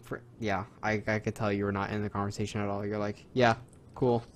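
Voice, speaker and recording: A young man co-hosting a podcast in casual chat, profane and mocking, jumping into loud high impressions. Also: completely flat delivery, quick pace, a little hiss or hum. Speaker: podcast co-host.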